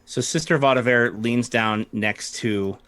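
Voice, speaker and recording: A man narrating a tabletop game as game master, unhurried, with frequent pauses and fillers. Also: mid-range voice, fairly bright tone, clean tone, no room sound. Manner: unhurried, pausing often with fillers.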